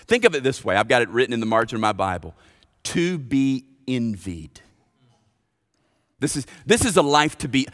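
A male pastor delivers a sermon at an unhurried pace, leaning hard on key words and at times dropping to a hushed tone. His voice rings out with a long reverb around it, as in a church sanctuary. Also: mid-range voice. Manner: emphatic preaching, stresses key words, drops to hushed tones.

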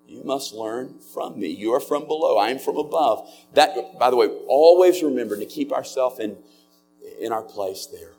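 A man preaching a sermon as a pastor, earnest and slowing down on key words. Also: a little high, a little mellow.

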